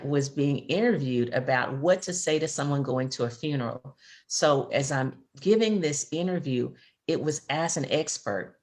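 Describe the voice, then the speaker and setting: A middle-aged woman co-hosting a faith-based chat, speaking earnestly and reflectively, often repeating words as she finds them. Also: sits low. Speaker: podcast co-host and grief expert.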